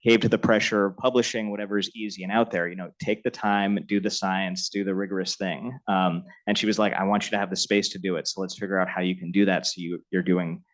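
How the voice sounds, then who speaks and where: A man's voice: low voice, level tone, fast, hardly any pauses, rough recording. A middle-aged man on a lecture panel telling a personal anecdote about his mentor, laughing often and growing emotional as he talks.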